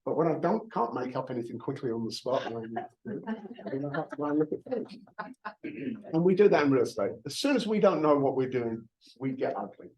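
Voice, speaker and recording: A man's voice: mid-range voice, animated, brisk, a little mellow, rough recording. A man in his fifties, a real estate broker giving a jokey, self-mocking training talk to a live audience, often restarting his words.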